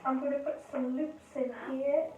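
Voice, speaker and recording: Cheerful woman leading a paint-along, high voice with a mellow tone, echoey room. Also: level tone, moderate pace, highs cut off. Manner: chatty, cheerful, talks through each brush stroke. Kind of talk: live online painting lesson. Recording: echoey room with faint noise.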